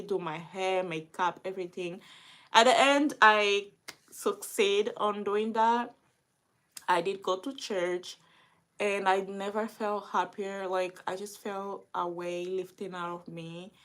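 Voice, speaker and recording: Speaking at medium pitch with a sharp tone, a woman in her early twenties recounts something personal in a vlog. She keeps restarting, rambles, and fills her sentences with "like".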